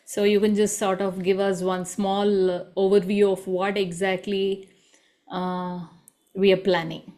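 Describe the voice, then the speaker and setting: A woman hosts an online session over a video call. She prompts the speakers in a friendly, brisk way. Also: mid-range voice, level tone, mellow. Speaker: session host.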